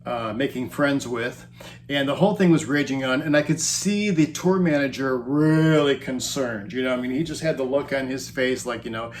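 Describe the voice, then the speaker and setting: There's a little hiss or hum as a man in his fifties, once a roadie, shares tour stories at normal speed in a medium-pitched voice, music playing under him. The rowdy, comic tale comes out rambling and casual, with frequent chuckles.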